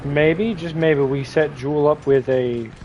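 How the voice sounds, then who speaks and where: Higher-voiced man streaming games casually. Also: steady tone, measured pace, background noise. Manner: rambling, joking, talks to chat while playing. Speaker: gaming livestreamer. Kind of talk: casual live gameplay chat.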